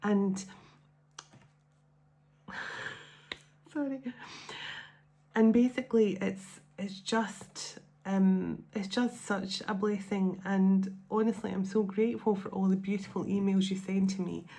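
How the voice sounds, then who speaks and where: A woman's voice: medium pitch, steady tone, slow, creaky, pauses often, mellow. A woman hosting a spiritual tarot channel, talking to her viewers at home in a casual, heartfelt and emotional way, often restarting her sentences. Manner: emotional, rambling, with many restarts.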